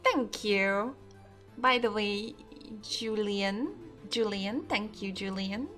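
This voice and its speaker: Casual woman streamer, loud, swears, slow talker, game music behind. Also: mid-range voice. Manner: loud, swearing, laughing at herself.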